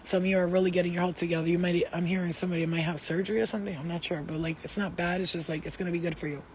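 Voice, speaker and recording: A woman's voice: on the low side, steady tone, racing, noisy background. A woman doing a live psychic reading for her viewers, rambling and emotional, with many restarts. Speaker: psychic reader.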